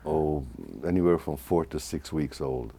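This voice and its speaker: Deep older man remembering calmly. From Hungary. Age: 80s. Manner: measured, reflective, restarts mid-phrase. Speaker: interviewee. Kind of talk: oral history interview.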